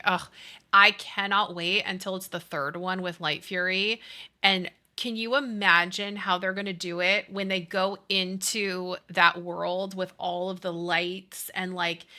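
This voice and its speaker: A woman's voice: mid-range voice, sharp tone. A woman in her thirties chatting casually on a game stream, gushing and giggly as she talks to her chat. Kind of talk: casual chat with chat while gaming.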